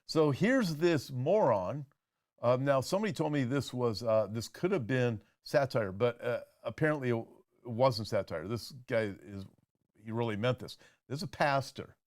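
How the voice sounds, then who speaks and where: Guy pastor hosting his show, animated and fed up, medium voice, calls clips nuts. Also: mid-range voice, normal speed. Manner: animated, incredulous, blunt. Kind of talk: commentary on video clips.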